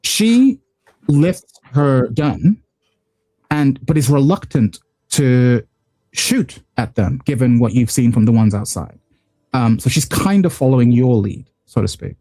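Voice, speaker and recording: A man runs a tabletop game over a call, his voice mellow and warm. The sound is dry and close. He narrates haltingly, with frequent ums and restarts. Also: medium pitch, animated, dry recording. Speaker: game master.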